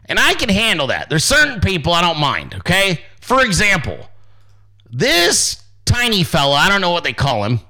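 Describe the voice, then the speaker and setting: A man hosting a podcast, ranting in a casual, sarcastic and profane way with loud outbursts. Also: sits high, wildly swooping pitch, moderate pace. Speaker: podcast host.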